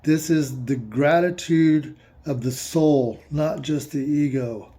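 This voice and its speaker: A man's voice: fairly high pitch, takes it slowly, warm tone. A man musing aloud in a casual monologue, reading passages aloud and commenting on them in a rambling way. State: emotional, eyes watering. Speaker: host reading aloud and reacting.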